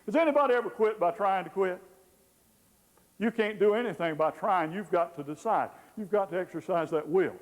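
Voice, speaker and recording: A man's voice: sits high, a little fast. A man, giving a folksy teaching talk as a Christian counselor and acting out the people he quotes. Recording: long hall reverb.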